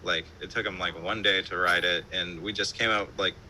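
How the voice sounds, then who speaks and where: A man's voice: low voice, steady tone, normal speed, sharp tone, a little hiss or hum, poor audio. A man, a band musician, telling stories from his home during an interview. He rambles in a laid-back way, leaning on fillers, swearing and laughing. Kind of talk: casual interview storytelling.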